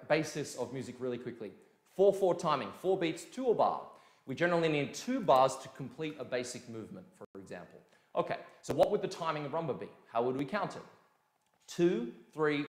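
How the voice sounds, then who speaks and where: A man gives a casual, energetic dance lesson at a middle pitch. He counts out beats and says "boom" on each one. His voice echoes around the room. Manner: energetic, demonstrates beats with sound words. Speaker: dance teacher. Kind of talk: live-streamed dance lesson, casual explaining.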